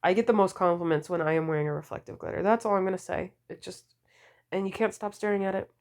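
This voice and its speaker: A woman vlogger chatting casually about nail polish, gushing and full of fillers, her voice deepened and a bit slurred from a cold. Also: steady tone, fast talker. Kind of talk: casual wishlist chat.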